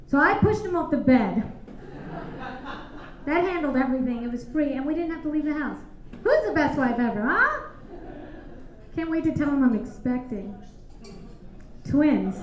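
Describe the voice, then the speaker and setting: A woman in her forties doing a brash stand-up set with deadpan punchlines, talking to the crowd from a comedy club stage into a handheld mic. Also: high-pitched, normal speed, pauses often, slight background noise. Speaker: stand-up comedian hosting a show. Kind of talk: stand-up routine. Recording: echoey club, slightly dull sound.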